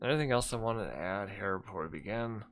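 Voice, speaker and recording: A man's voice: on the low side, animated, quick pace. A man hosting a reaction commentary, heckling a played speech sarcastically. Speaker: host.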